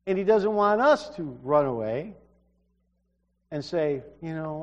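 A man's voice: a little high, lively intonation, a little slow. A man preaching a sermon, earnest and emphatic, often restarting his sentences. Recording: dull reverberant hall recording.

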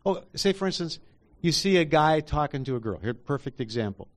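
A man's voice: on the high side, sing-song, a little fast. A man in a casual church group discussion, rambling with many fillers and acting out quotes.

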